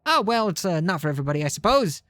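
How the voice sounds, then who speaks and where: A streamer voicing a cheerful game character who serves coffee, pitched up and bright. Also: very animated, very fast, no room sound, clean studio sound, faint music behind. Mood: cheery. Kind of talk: reading game dialogue aloud.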